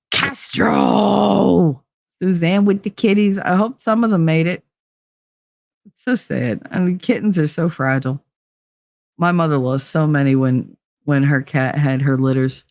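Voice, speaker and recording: A woman's voice: deep voice, no echo, studio quality. Chatty, foul-mouthed woman streamer. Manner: chatty, swears freely, greets viewers by name. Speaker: livestream host. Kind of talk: casual livestream chat.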